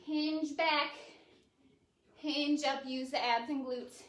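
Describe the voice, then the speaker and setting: A woman instructor leading a home pilates class, counting reps and giving steady, encouraging cues, recorded on a phone. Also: sits high, slow pace, reverberant, distant mic. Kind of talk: cueing a home workout class. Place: warehouse studio.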